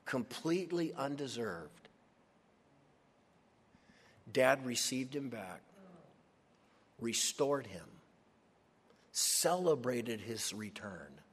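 A man's voice: medium pitch, big pitch swings, drawn-out words, long pauses, husky. A man preaching a sermon, retelling a story expressively and acting out the voices of its characters. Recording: long hall reverb.

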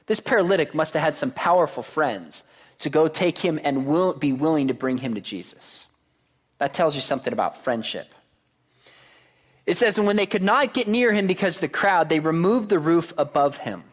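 A pastor with a slightly high voice preaches at a moderate pace to a congregation. He reads verses aloud and animatedly puts questions to the crowd.

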